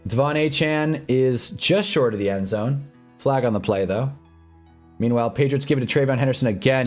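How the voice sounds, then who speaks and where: A man hosts a live football stream, rambling through casual commentary, reading chat and getting loud and excited over big plays. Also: mid-range voice.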